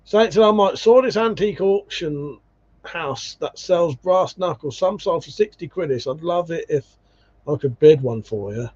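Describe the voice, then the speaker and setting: A man's voice: a little high, expressive, moderate pace, darkish tone, dull audio. A man hosting a livestream, chatting casually and reading out viewer comments, swearing freely and calling people mate. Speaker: livestream host.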